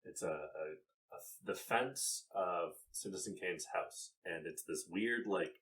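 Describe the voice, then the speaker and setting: A man co-hosting a casual movie review podcast, talking in animated bursts, laughing often and trailing off mid-thought. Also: deep voice, unhurried. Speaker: podcast co-host.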